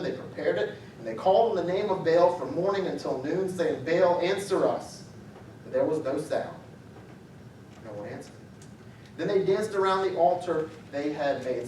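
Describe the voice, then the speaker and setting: With a fairly high-pitched male voice, an animated pastor preaches in an echoing church sanctuary, heard through a distant mic over slight background noise. He performs the story as he tells it, getting louder for the quotes.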